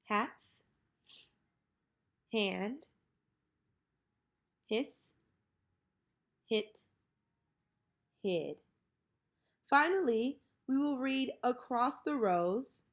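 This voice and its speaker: Slow, clear-spoken woman teacher. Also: a little high, lively intonation. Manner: slow, clear, drawn-out word modeling. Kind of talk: recorded reading lesson for children.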